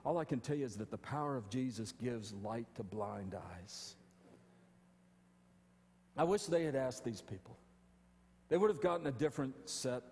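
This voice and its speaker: A male pastor preaching an animated sermon, often restarting phrases. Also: mid-range voice, in a large hall, a little hiss or hum. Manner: animated, stumbling restarts, acting out quotes. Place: church sanctuary.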